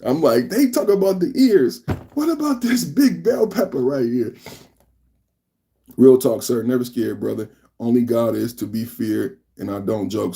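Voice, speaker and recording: A man's voice: medium pitch, warm tone. A man in his fifties hosting a live podcast, talking casually and emphatically to his chat and calling them brother. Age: 50s. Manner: emphatic, calls listeners brother and bro. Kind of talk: casual live-stream talk.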